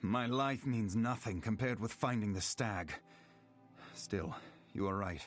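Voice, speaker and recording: An actor voicing a wounded, earnest young elf hunter in a video game, speaking in a formal, determined way. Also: male voice, fairly low pitch, a little slow, soft background music, natural voice. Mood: weary resolve. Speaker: game character.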